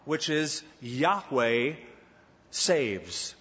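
A man from Southern California preaching an expository sermon with emphatic, drawn-out teaching delivery. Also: mid-range voice, expressive, a bit bright. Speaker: pastor. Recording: dull lo-fi sound with long hall reverb.

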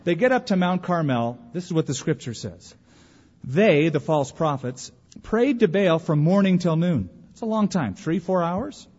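A man's voice: fairly high pitch, lively intonation, moderate pace, a little mellow, husky. A man preaching a sermon as a pastor, telling stories and acting out the voices he quotes. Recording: dull audio with long hall reverb.

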